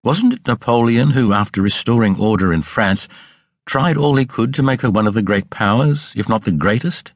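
A man's voice: medium pitch, animated, moderate pace, dry recording, clean studio sound, voice pushed up, lightly acted. A man voicing a stern, genteel middle-aged station mistress who speaks severely and precisely. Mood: musing.

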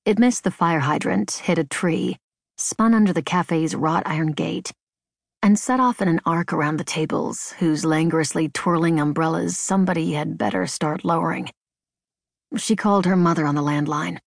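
A woman reading an unabridged novel in measured, even scripted narration. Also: low-pitched, creaky, no room sound. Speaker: audiobook narrator. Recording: dry studio booth.

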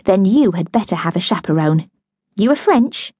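A woman voicing a brisk, inquisitive middle-aged spinster in an audiobook, with a crisp, decisive manner. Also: medium pitch, animated, a little mellow, no room sound. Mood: commanding. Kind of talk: audiobook character voice.

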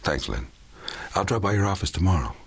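A wealthy man shaken but holding his composure, as a male reader puts him on. He answers in low, clipped, guarded phrases, his voice extremely deep and husky. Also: expressive, fairly quick, full character voice. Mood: grim, quiet.

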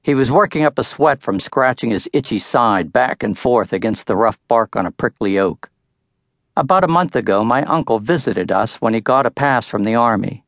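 A man's voice: medium pitch, lively intonation, normal speed, a bit bright, dry recording. An older man narrating his own book in a wry first-person storytelling manner, close to the mic. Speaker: author-narrator. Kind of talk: audiobook narration.

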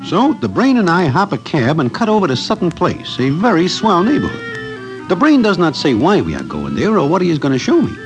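In a 1940s radio drama, an actor plays Broadway, a nervous, wisecracking city guy who narrates in stiff, formal phrasing without contractions. His voice is fairly high with huge pitch swings and a brisk pace. The low-quality old radio recording carries faint music.

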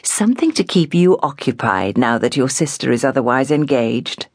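A woman's voice: extremely low pitch, animated, moderate pace, no room sound, studio quality, exaggerated voice. A woman reading the part of a confident, worldly young woman who talks in a teasing, breezy way. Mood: coaxing.

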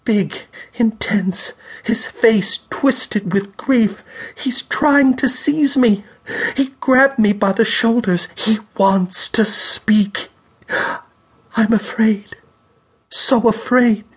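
A man voicing a frail young woman stage psychic, frightened and haunted, speaking in high trembling shrieks and pleas in an audiobook. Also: takes it slowly, creaky, long pauses, fairly bright tone, slightly rough, exaggerated voice. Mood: terrified. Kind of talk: audiobook character voice.

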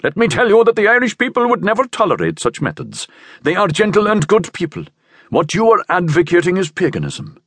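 An indignant priest cries out in protest, his voice flying high and loud, as a man acts him out. He is shocked and wounded by what he hears, and he bursts to his feet to object. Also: sing-song, unhurried, few pauses, dry recording, full character voice. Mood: outraged. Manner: shrill, outraged protest. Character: agitated male Irish priest, indignant.

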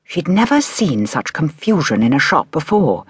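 Female children's-book narrator, measured and expressive, husky tone, very lively pitch. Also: no echo. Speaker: audiobook narrator.

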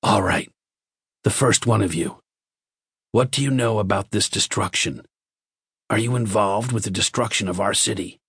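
A man voicing a stern male Martian officer who speaks in a slow, clipped, commanding way. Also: fairly low pitch, a bit bright, slightly rough, no echo, heavily acted. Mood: interrogating.

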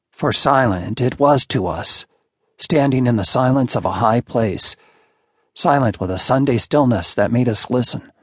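Unhurried male audiobook narrator, dry sound. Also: mid-range voice, no echo. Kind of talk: scripted narration of a classic short story.

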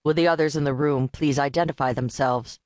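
A woman's voice: low-pitched, fairly even intonation, fairly quick, darkish tone, no room sound, close to an everyday voice. A woman voicing a female court stenographer who speaks in a formal, procedural way.

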